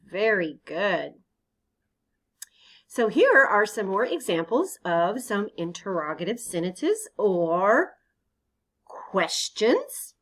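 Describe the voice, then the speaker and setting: Slow, lively-voiced woman teacher. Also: mid-range voice. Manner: asks children questions and answers them. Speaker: elementary teacher. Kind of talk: slow, patient online lesson for young children.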